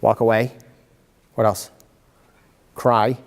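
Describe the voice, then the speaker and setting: A man giving a lively workshop talk to parents, acting out kids and parents in quick voices. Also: fairly low pitch. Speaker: workshop presenter. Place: meeting room. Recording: hall reverb from a community-TV taped talk.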